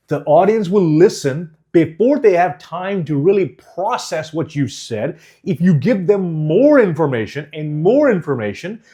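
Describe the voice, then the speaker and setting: A male speaking coach talks in a slightly high, very lively voice. He over-enunciates every syllable, leans on key words and drops in short pauses as he teaches. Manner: deliberate, over-enunciated, emphatic. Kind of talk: instructional course.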